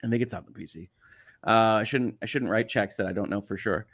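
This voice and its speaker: A man speaking a little fast in a lowish, slightly bright voice hosts a casual livestream. He has a slightly nasal Chicago accent and reads viewer messages out loud, rambling with lots of "uh" fillers and restarts.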